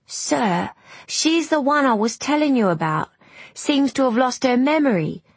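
A woman's voice: sits high, lively intonation, unhurried, breathy edge, no room sound, voice pushed up, heavily acted. A woman voicing a deferential working-class male crewman who speaks in rustic dialect.

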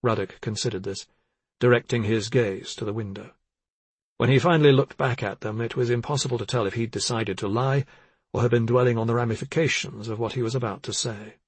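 Husky man reading a novel. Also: medium pitch, steady tone, brisk, dry recording. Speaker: narrator. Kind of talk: audiobook narration.

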